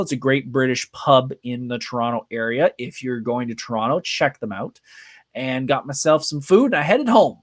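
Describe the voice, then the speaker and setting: A man's voice: a little high, dry recording, studio quality. A man hosting a live podcast, telling a rambling, chatty story with lots of fillers. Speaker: podcast host. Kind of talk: casual live podcast monologue. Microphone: podcast mic.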